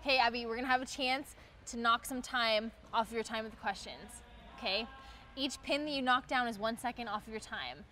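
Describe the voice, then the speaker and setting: Female interviewer, bubbly and encouraging, slightly high, music bed. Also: a little fast. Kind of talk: quick-fire game interview.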